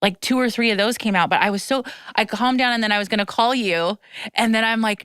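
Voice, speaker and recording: A woman chatting on her podcast, tumbling through a story with restarts and a curse here and there. Her voice is smooth and clear, and the sound is dry and close with no room around it. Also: medium pitch, a little fast, dry recording. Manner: animated storytelling, breathless retelling with frequent restarts; swears casually. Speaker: podcast host. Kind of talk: casual chat.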